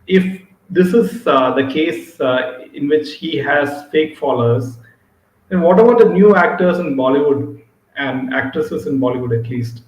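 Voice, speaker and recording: A man's voice: on the high side, unhurried, roomy sound, rough recording. A man joining as a guest in a casual discussion, asking doubtful questions in a hesitant way.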